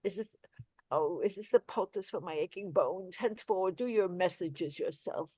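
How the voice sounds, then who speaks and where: A woman's voice: on the low side, normal speed, mellow, slightly rough, dry recording. A woman reading the part of an old, chattering female nurse, rambling and complaining with big swings in volume, in a Shakespeare play reading.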